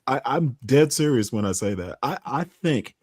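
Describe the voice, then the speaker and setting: A man in casual chat on a stream, talking slowly and deliberately. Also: medium pitch, darkish tone, no echo, studio quality.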